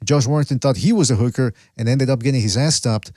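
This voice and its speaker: A man's voice: mid-range voice, fast talker, dark tone, dry recording, clean studio sound. A man hosting a casual podcast who rambles, loses track of names and restarts his sentences. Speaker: podcast host.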